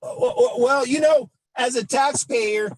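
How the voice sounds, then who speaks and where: A man's voice: very high-pitched, measured pace, no echo, low-quality recording. A man giving an agitated public comment over a remote call, stammering and repeating himself.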